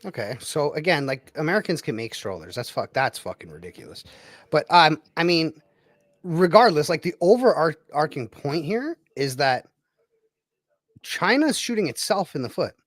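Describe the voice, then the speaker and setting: High, lively, swearing podcast guy. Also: moderate pace, dry recording, studio quality. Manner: animated, profane, calls others bro. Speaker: podcast co-host. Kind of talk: casual podcast chat.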